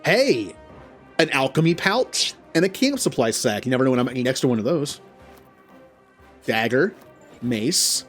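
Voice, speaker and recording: Male host for a game playthrough: casual, self-deprecating, talks his choices through out loud. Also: medium pitch, sing-song, moderate pace, long pauses, faint music behind. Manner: thinking aloud, chuckling, self-deprecating. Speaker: gaming channel host. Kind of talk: let's play commentary.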